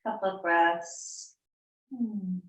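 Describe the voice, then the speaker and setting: Woman yoga teacher, very slow and calming delivery, live-streamed from a far mic in an echoey room. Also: on the low side. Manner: slow, soothing, unhurried cues. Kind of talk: live yoga class instruction.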